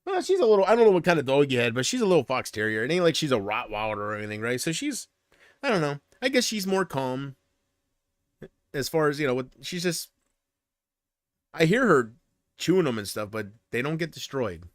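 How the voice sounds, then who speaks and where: A man's voice: on the high side, very animated, a little fast, no echo, clean studio sound. A man chatting casually on a livestream, rambling and answering viewer comments.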